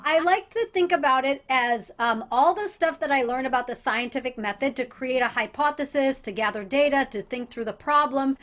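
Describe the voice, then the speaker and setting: High-pitched woman comic from alabama, animated, a bit mocking. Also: normal speed, few pauses. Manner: animated, mocking asides, thoughtful. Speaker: comedian panelist. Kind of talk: casual panel chat.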